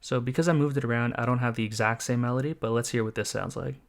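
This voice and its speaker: A man teaching music production basics in a calm, methodical tutorial, explaining each step. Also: medium pitch, fast talker. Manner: calm, methodical, walks through each step while playing examples.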